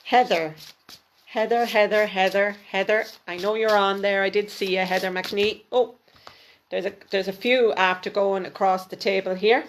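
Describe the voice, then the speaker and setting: A woman's voice: mid-range voice, fairly even intonation, moderate pace, a little hiss or hum. A woman, a spiritual mentor, giving intuitive card readings on a live stream and speaking fondly to each viewer by name. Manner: warm, affectionate, speaks directly to viewers by name. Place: home, at a table with cards.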